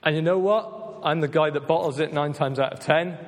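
A man preaching with earnest, emphatic conviction, his voice sitting a little higher than most men's. His words ring out with a long reverb tail, as if spoken in a large hall. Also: a little fast. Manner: earnest, emphatic, repeats "just maybe" and "right?". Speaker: pastor. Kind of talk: sermon.

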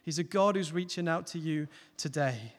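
A man's voice: a little high, normal speed. Earnest preacher man in echoing hall. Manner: earnest, builds to loud emphatic peaks then drops soft. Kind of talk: sermon. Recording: long hall reverb.

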